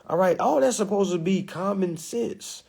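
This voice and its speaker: Animated husky man preaching casually. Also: high-pitched, moderate pace. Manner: preachy, animated, acts out quotes. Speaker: spiritual teacher. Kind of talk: casual livestream talk.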